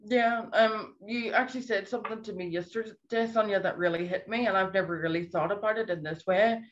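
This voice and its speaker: A woman's voice: medium pitch, fairly quick, dull audio. A woman in her thirties with a Scottish accent, speaking as a guest in an emotional interview, earnest and pleading, repeating herself for emphasis.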